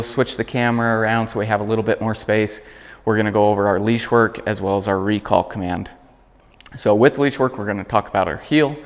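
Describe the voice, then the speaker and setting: A man working as a dog trainer, calmly explaining commands while demonstrating them with his dog. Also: smooth, big-room sound. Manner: calm explaining, high praise voice for dog. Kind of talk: instructional demonstration.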